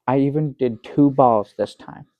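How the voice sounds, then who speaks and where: An actor playing a bumbling middle-aged guest who rambles through a tall tale with many restarts, in improvised sketch comedy. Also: male voice, mid-range voice, unhurried, dry recording, highs cut off, close to an everyday voice. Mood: dry, halting. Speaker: guest on a comedy talk show.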